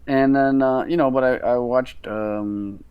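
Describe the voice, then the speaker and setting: A man's voice: medium pitch, fairly even intonation, unhurried, clean tone, lo-fi sound. A man co-hosting a podcast in casual chat, rambling with many restarts. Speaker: podcast co-host.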